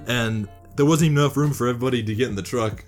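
A young man guesting on a casual podcast tells a story loosely and profanely. He slips into other people's lines as he goes. His voice sits at an everyday middle pitch. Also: racing, faint music behind. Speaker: rapper guest.

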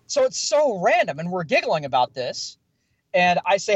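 A man's voice: high voice, normal speed, breathy edge, no echo, dull audio. A man in his thirties, a former police officer, telling a rambling casual story on a podcast. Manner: rambling, animated anecdote with filler words. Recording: dry close podcast mic.

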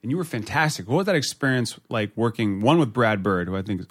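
A man hosting a casual podcast interview, chatty and quick with witty asides. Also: mid-range voice, lively intonation. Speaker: podcast host.

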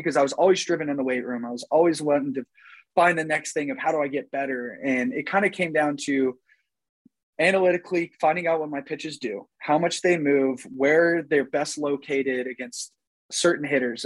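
A man's voice: on the high side, no room sound, rough recording. A young man chatting casually as a podcast guest, rambling with lots of "like" fillers. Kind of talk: casual chat.

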